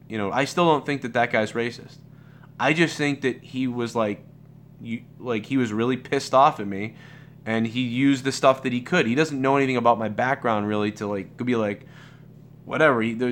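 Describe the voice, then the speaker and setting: A man's voice: medium pitch, a bit bright, slight background noise. A man hosting a live Q&A stream, talking casually in a rambling, profane way with many restarts and fillers. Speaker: livestream host.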